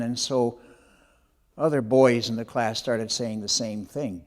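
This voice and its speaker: An older man, an author, telling a story from his own schooldays in an animated, conversational way. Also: mid-range voice, unhurried. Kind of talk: spoken memoir storytelling.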